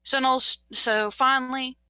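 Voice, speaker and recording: Woman game master narrating a ghost story; bright, dry, dramatic. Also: sits high, steady tone, normal speed, clean tone, no room sound, low-quality recording. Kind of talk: storytelling in a tabletop game session.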